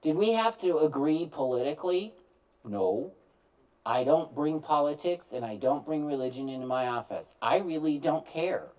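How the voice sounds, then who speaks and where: A man's voice: a little high, normal speed. Man telling stories animatedly on stage. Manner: animated, acts out both sides of phone calls. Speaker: speaker telling his story. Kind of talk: storytelling talk to an audience. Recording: distant, dull lo-fi recording.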